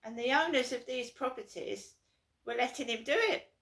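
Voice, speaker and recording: Woman, from london, aggrieved vlog rant, repetitive, crisp bright tone, gravelly. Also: a little high, moderate pace. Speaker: vlogger. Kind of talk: casual to-camera monologue.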